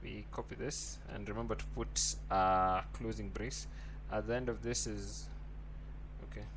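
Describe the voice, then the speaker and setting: A man's voice: lowish voice, fairly even intonation, unhurried, fairly bright tone, slight background noise. A man teaching a coding tutorial, thinking aloud as he types and often checking in with "right?". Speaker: programming tutor. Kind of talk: screen-recorded coding tutorial.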